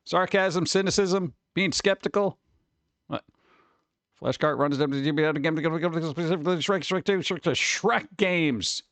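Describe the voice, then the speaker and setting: A man hosting a casual livestream in a jokey, excitable way, breaking into sudden exclamations as he chats with viewers. His voice sits fairly high, and the recording is dry and close. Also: takes it slowly, no echo. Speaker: livestream host.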